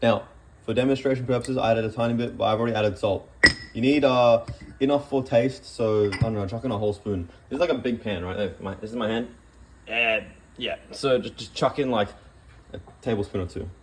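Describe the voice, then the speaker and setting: A man's voice: lowish voice, brisk, a little hiss or hum. Joking man cooking at home. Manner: joking, rambling, self-deprecating. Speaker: cooking vlogger. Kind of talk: casual cooking demonstration. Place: home kitchen.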